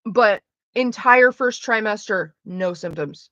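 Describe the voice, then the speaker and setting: Young woman, candid streamer chat, sharp bright tone, curses a lot; dry, slightly muffled close mic. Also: medium pitch, takes it slowly, dry recording. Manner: blunt, profane and animated.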